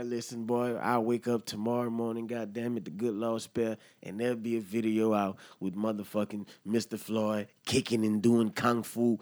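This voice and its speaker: A man's voice: medium pitch, darkish tone. A man hosting a solo podcast, talking in heated, profane slang straight to his listeners. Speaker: podcast host. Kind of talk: impassioned solo podcast commentary.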